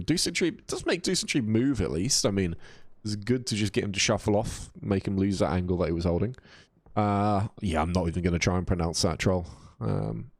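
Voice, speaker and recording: Man, live game commentary, low voice, dry close sound, casual, chatty. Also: dry recording. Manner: casual, chatty, reads chat aloud. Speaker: esports caster.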